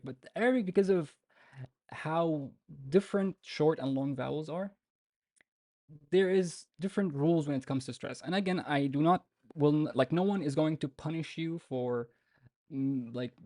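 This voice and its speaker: A man teaching a live online beginner lesson, patient and informal, repeating example words slowly many times. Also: mid-range voice, creaky, no room sound, clean studio sound. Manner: relaxed and informal, with fillers and restarts. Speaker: Arabic teacher.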